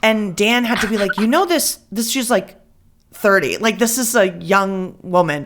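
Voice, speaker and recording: A woman's voice: mid-range voice, expressive, normal speed. Reflective woman podcast co-host. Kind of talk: casual podcast chat.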